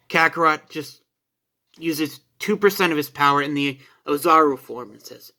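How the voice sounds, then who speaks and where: A man's voice: a little high, normal speed, sharp tone. A man narrating a fan story in a casual, informal way, sometimes correcting himself mid-sentence.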